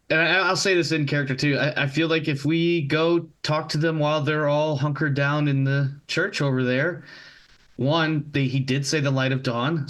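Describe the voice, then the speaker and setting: A man's voice: on the high side, a bit bright. A man playing in a tabletop role-playing game, laying out plans in a reasoned, casual way. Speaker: player.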